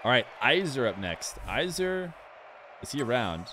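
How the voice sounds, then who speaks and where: A young man streaming a game and chatting casually with his viewers in a relaxed, rambling way. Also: mid-range voice, a little fast, a little hiss or hum. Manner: relaxed, rambling, talks straight to chat. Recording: music playing clearly behind the voice.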